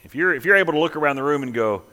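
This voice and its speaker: A man preaching a sermon as pastor, emphatic, dropping to hushed, slow lines and rising again. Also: fairly high pitch, animated. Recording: long reverb of a large hall.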